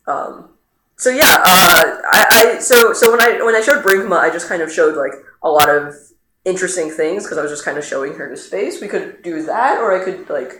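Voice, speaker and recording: A streamer chatting casually over gameplay, rambling with many fillers and sudden jumps in pitch. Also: lively intonation, normal speed, crowd noise. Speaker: streamer playing the game. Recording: roomy echo, faint noise.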